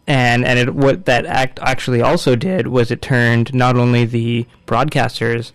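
A man in casual discussion, explaining a court case in a measured way with frequent fillers. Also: mid-range voice, steady tone, smooth, dry recording.

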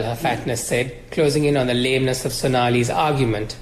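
A male author reading his fiction aloud in a measured, expressive way at a college lecture. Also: mid-range voice, roomy sound, a little hiss or hum, low-quality recording.

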